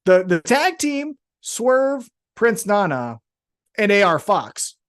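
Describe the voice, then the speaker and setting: A young man co-hosting a wrestling podcast, chatting casually with quick asides and swearing. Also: high voice, very animated. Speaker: podcast co-host.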